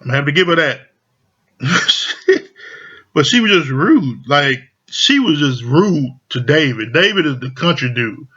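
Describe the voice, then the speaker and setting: A man's voice: on the high side, sing-song, measured pace, sharp tone, husky. A man casually recapping a reality show, talking loosely with lots of slang and fillers. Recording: dull lo-fi audio.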